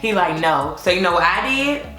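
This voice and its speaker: A young adult woman telling a casual storytime to her viewers, chatty and expressive with many fillers. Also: mid-range voice, a little fast. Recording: echoey room with faint music.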